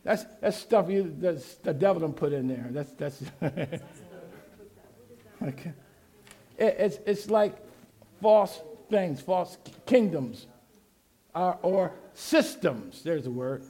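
A pastor preaching, leading the congregation in call and response and shouting out his refrains. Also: fairly high pitch, lively intonation, slow pace, pauses often. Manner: exhorting, shouting refrains, laughing asides.

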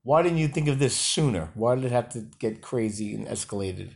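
A man's voice: medium pitch, expressive, fairly quick, creaky. A man talking to his pets with mock-stern authority and dry, teasing humor. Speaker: pet owner. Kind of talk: comic chat with his pets.

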